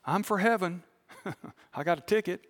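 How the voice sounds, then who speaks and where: A male pastor, preaching a sermon. He tells a story calmly, then builds to fervent appeals to the congregation. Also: high voice, moderate pace, long reverb tail. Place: large church auditorium.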